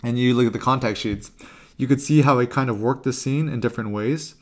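A man's voice: mid-range voice, a little fast, a little mellow. A man giving a casual presentation on street photography, rambling through stories with lots of fillers and restarts.

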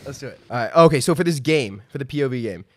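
A man's voice: medium pitch, lively intonation, quick pace. A man hosting a podcast, explaining game rules in casual chat. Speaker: podcast host.

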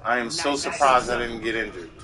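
A man's voice: medium pitch, a little fast, over music. A young man casually commenting on his own fighting game career, often frustrated and swearing to himself. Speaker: gamer playing a fighting game career mode.

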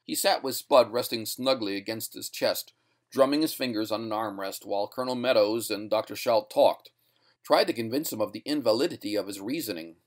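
A man's voice: lowish voice, fairly quick. Man narrating a sci-fi story. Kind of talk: scripted narration.

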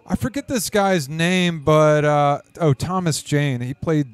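A man giving casual reaction commentary over a film, excitable and swearing freely. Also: on the high side, measured pace, a little hiss or hum. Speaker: YouTuber reacting to a video. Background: movie soundtrack music playing.

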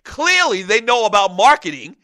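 A man from the South Carolina Lowcountry hosts a sports talk show. He speaks in a high, bright, forceful voice and rambles along with plenty of fillers. The recording is close and dry. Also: moderate pace, no echo. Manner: animated, rambling, with many fillers. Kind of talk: solo radio talk monologue.

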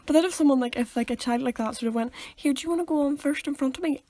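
A woman's voice: high-pitched, racing, dark tone. A woman, co-hosting a casual, giggly podcast chat. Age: 20s. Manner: chatty, giggly, acts out quoted voices. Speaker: podcast co-host.

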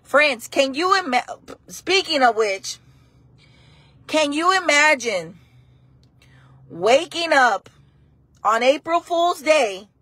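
A woman talks straight to her viewers in a loose, rambling live-stream chat, circling back over the same points. Her voice is bright and forward and sits a little high. The sound is close and dry, with no room around it. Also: lively intonation, takes it slowly, pauses often, no echo. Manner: chatty, rambling, repeats herself, greets viewers.

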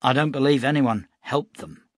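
Easygoing militia captain, read by a man, measured and dry. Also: medium pitch, no room sound, lightly acted. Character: tall, easygoing middle-aged male militia captain.

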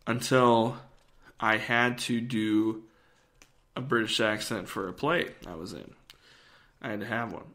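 A young man co-hosting a podcast, talking in a rambling, animated way. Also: on the low side, unhurried. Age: young adult. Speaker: podcast co-host. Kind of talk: casual chat.

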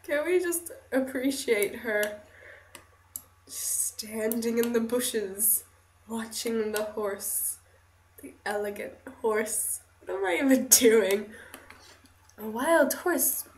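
A woman's voice: a little high, takes it slowly, darkish tone, a little hiss or hum. A woman chatting casually over gameplay at home, giggly and rambling, often second-guessing herself. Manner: giggly, rambling, self-conscious. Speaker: let's play host. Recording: echoey room.

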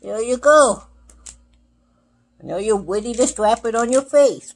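A man's voice: very high-pitched, lively intonation, a little slow. A man in a casual unboxing vlog, playfully speaking in a pup persona and dropping a barked "woof" between his sentences. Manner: punctuates talk with barked woofs. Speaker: vlogger.

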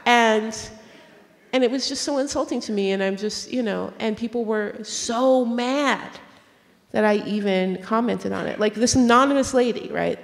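A woman author in a stage conversation, telling stories in an animated way, laughing and acting out the people she quotes. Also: fairly high pitch, moderate pace, vocal fry. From United States. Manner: animated, laughing storyteller who acts out quotes. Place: auditorium stage. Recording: long hall reverb from a public event.

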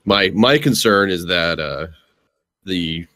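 Lowish male player negotiating in character. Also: slow, background noise. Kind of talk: in-character tabletop play.

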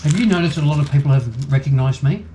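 A man's voice: fairly high pitch, quick pace, dark tone, slight background noise. An Australian man vlogging a motorbike road trip, teasing his companion with cheeky questions.

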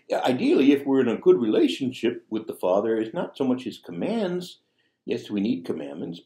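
A man's voice: mid-range voice, mellow. A man preaching a sermon as a priest, speaking conversationally and tossing in rhetorical asides. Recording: echoey room.

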